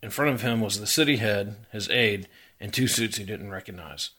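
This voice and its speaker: A man reading a hard-boiled crime story aloud in an even, dry manner. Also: on the low side, normal speed, breathy edge. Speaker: story reader.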